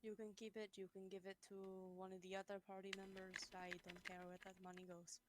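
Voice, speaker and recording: A woman talking casually as a player in a tabletop role-playing game, thinking out loud with some hesitation. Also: medium pitch, completely flat delivery, fairly quick, noisy background.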